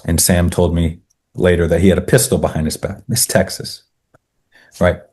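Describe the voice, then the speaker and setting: A man from Maine, a podcast guest, telling a story in a relaxed conversational way, often restarting his sentences and adding asides. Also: deep voice, normal speed, husky. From Maine, USA.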